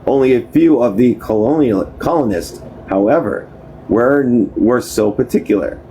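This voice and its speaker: A man's voice: mid-range voice, expressive, moderate pace, mellow, a little hiss or hum, poor audio. A man reading a history book aloud, often stumbling over words, restarting them and correcting himself. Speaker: book reader.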